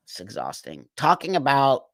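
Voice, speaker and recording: A man hosting a livestream and reacting to clips, sounding incredulous and exasperated and laughing often. His voice sits at a middling pitch, and the sound is dry and close with no room echo. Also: gravelly. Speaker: livestream host.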